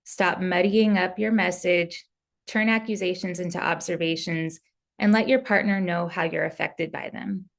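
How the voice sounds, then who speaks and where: A woman's voice: on the low side, fairly even intonation, normal speed, gravelly. A woman therapist talking casually about relationship communication, candid and loose, with fillers and example phrases. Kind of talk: relationship advice talk.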